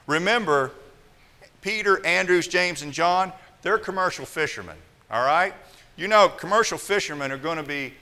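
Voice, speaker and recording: A man preaching a sermon, telling stories in an animated way that swings between loud and hushed. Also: mid-range voice, in a large hall. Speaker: pastor.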